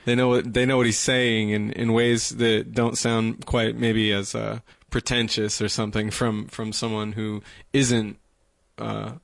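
A man co-hosting a radio talk show, speaking in a halting way and repeating himself. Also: on the low side, little pitch movement, vocal fry, no echo. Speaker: radio co-host.

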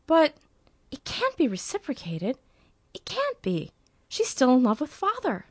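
Woman voicing a brittle, sharp-tongued young bride, higher pitch. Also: huge pitch swings, measured pace, no room sound, clean studio sound, exaggerated voice. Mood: haughty, wounded.

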